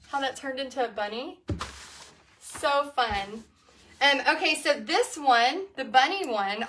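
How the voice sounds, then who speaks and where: Woman, Texan accent, high bright voice, chatty, giggly, live painting lesson. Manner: chatty and giggly, greeting viewers by name. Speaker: paint party instructor.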